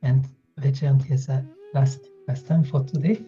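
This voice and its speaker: A man calmly explaining a devotional story in a talk. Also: medium pitch, a little slow. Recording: dull lo-fi sound, soft music behind.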